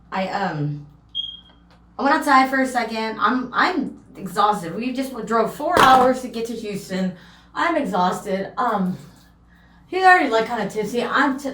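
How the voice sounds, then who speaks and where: A young woman rambles through a personal story, full of fillers and restarts in a casual vlog. Her voice sits a little higher than most, and the room around her rings with echo. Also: fairly bright tone, a little hiss or hum. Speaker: vlogger. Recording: echoey room.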